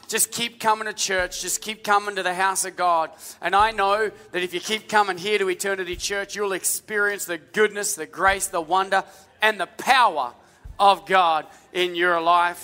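A man preaching a sermon as lead pastor, energetic and calling out to the congregation. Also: high voice, normal speed, clean tone. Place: large church hall with music. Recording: live church hall with long reverb.

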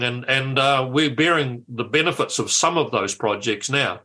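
An older man with a New Zealand accent, a former politician, telling anecdotes in animated, casual conversation with frequent restarts. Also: mid-range voice, moderate pace. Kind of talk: casual chat.

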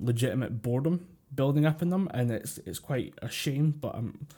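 A Scottish podcast co-host rambles through a casual chat, full of fillers and chuckles, his mid-range voice mellow, husky and animated at a normal speed. He's heard through a computer mic on a voice call.

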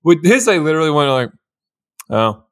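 A man co-hosting a podcast, riffing on a movie with lots of laughter and mocking high-pitched impressions of the characters. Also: moderate pace. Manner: animated, laughing, mocks characters in high voices. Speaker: podcast co-host. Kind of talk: casual movie commentary.

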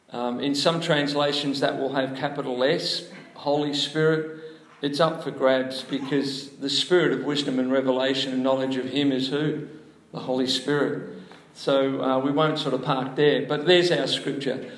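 A man's voice: medium pitch, steady tone, moderate pace, reverberant. A man preaching a sermon to a congregation in a church, chatty and full of questions to the room. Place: church hall before a congregation.

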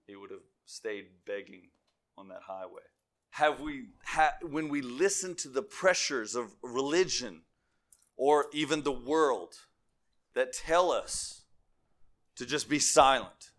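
A man's voice: medium pitch, moderate pace, fairly bright tone. A man preaching a sermon, reading scripture aloud and calling out to his congregation.

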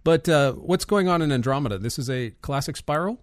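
A man hosting a casual conversation, chatty and quick to laugh, with frequent fillers. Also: on the high side, lively intonation, no echo, studio quality. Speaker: host. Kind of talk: casual chat about astronomy.

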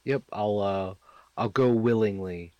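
A man's voice: on the low side, unhurried, warm tone, dry recording, lo-fi sound. A man playing a tabletop game, talking hesitantly with many uhs. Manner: hesitant, starts with uh. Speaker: player. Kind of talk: tabletop role-play.

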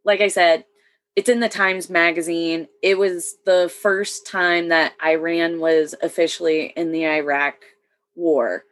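A woman's voice: lowish voice, flat delivery, a little slow, fairly bright tone. A woman veteran telling a war story matter-of-factly in casual conversation, with short laughs. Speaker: military veteran.

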